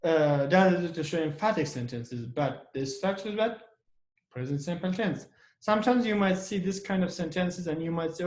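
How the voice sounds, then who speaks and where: A man's voice: high-pitched, lively intonation, moderate pace, darkish tone. Man teaching grammar in an echoey room. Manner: asks and answers his own questions, repeats example sentences with stress. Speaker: English teacher. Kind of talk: classroom grammar lesson.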